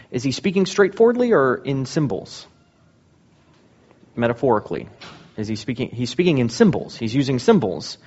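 A man's voice: medium pitch, darkish tone, muffled recording. A man preaching a sermon, reading scripture aloud and then explaining it with rising emphasis.

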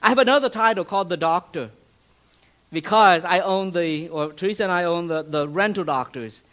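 A man's voice: sits high, normal speed, fairly bright tone. A man preaching a sermon as a pastor, earnest, with restarts and a voice that rises and falls for emphasis.

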